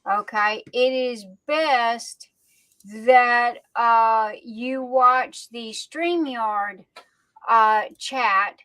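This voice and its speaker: A woman hosting a casual livestream, greeting viewers by name in a chatty way with lots of drawn-out fillers. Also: a little high, bright, forceful tone, dry recording, low-quality recording. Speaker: livestream host. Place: home streaming setup.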